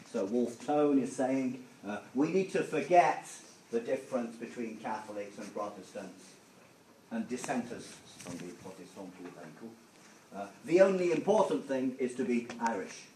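Expressive and mellow, this man's medium-pitched voice delivers a classroom history lecture on a rough recording with a faint hiss or hum. As a teacher he explains simply for learners, though his speech is halting and riddled with fillers and restarts.

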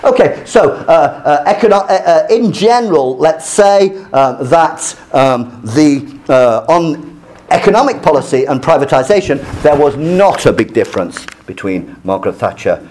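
Male lecturer, animated, bouncing intonation, stop-start phrasing. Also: on the high side, normal speed. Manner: animated, acts out quoted voices, many restarts; switches to French asides. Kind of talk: university lecture on politics.

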